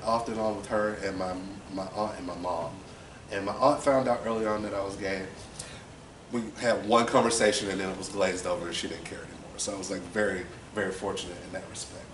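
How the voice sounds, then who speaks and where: A man's voice: fairly low pitch, steady tone, normal speed. A young man telling a candid, rambling personal story in an interview, with frequent fillers. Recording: roomy, distant, noisy ambience.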